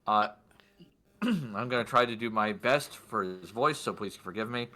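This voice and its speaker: A man's voice: lowish voice, measured pace, sharp tone. A man narrating a tabletop game as game master in a casual, rambling way, muttering to himself at times.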